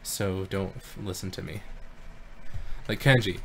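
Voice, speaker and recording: A man chatting casually on a live stream, relaxed and self-deprecating as he answers questions from chat. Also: on the low side, brisk, slight background noise. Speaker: singer streaming voice synth tuning.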